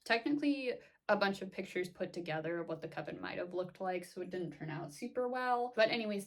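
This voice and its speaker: Chatty woman giving a flippant recap. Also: medium pitch. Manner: chatty, flippant, filler-heavy with frequent "like". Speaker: recap vlogger. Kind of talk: casual TV recap.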